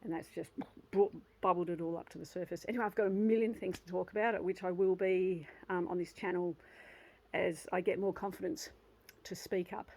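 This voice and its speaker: A woman's voice: fairly low pitch, fairly even intonation, brisk, rough recording. A woman, hosting her own channel and talking earnestly about self-worth in a casual vlog, often restarting her sentences. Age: 50s. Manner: earnest and heartfelt, with frequent restarts and soft laughs. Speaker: channel host. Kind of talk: casual motivational vlog monologue.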